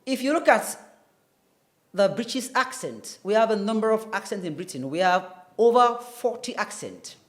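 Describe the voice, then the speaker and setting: A man's voice: high-pitched, lively intonation, moderate pace. A man teaching a televised English lesson, explaining carefully and spelling words out letter by letter. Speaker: English tutor.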